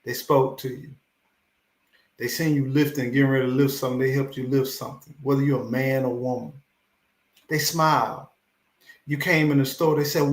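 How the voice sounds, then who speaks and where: A man's voice: medium pitch, steady tone, moderate pace, reverberant. A man hosting a live stream, giving a repetitive, preachy motivational talk.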